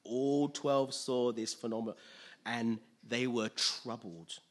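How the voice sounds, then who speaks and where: A man preaching a sermon in an animated way, acting out scenes with sudden loud outbursts. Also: medium pitch, takes it slowly.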